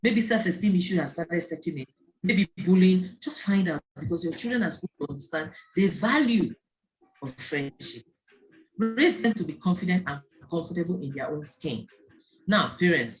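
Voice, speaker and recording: A woman giving an online talk to parents, telling stories and acting out the voices of the people in them. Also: lowish voice. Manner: lively storytelling, acting out quoted voices. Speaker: parenting speaker. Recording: faint background noise and clicks.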